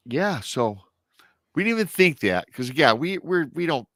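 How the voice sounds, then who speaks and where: On a podcast, a Michigan man in his thirties with a voice on the higher side shares a paranormal story from his own life at a moderate pace. He keeps it relaxed yet lively, voicing the people in the story, and there's no room sound at all.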